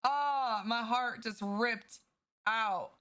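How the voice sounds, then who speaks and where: Bright, chatty woman streamer. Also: a little high, clear, resonant tone. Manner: chatty and upbeat, quick bursts with laughs. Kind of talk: casual chat to stream viewers.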